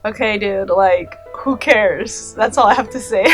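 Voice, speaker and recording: A woman's voice: medium pitch, slow, soft background music. A woman in her thirties giving casual, sarcastic commentary, laughing often and saying "like" and "you know" a lot. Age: 30s. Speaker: commentary YouTuber.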